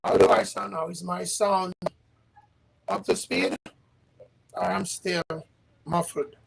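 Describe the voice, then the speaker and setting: A man hosting a livestream who talks in a halting, repetitive way and keeps asking his audience questions. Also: high voice, little pitch movement, vocal fry, slight background noise, poor audio. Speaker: livestream host. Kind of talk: casual livestream chat. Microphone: livestream setup.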